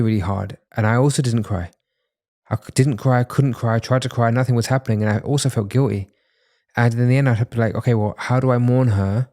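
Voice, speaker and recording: Guy, kinda low voice, earnest and reassuring, casual podcast chat. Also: a little mellow. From London, England. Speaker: masculinity coach, podcast guest.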